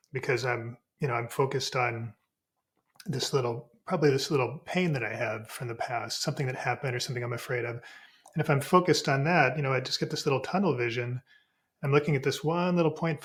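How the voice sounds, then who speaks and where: A man who teaches spirituality talks through his ideas as a podcast guest. He speaks in an unhurried, halting way and often restarts a phrase while he looks for the right words. His voice sits at an average pitch for a man. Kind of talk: relaxed explanatory talk.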